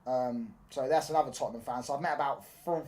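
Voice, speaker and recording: A young man chatting casually on a football live stream, animated and full of slang. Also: medium pitch, quick pace. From London. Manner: animated, slangy, repeats "do you get what I'm saying".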